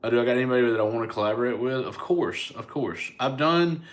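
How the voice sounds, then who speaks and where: Talking fast in a mid-range voice, a comedian from the American South hangs out live with fans and responds to their comments. His manner is relaxed and meandering.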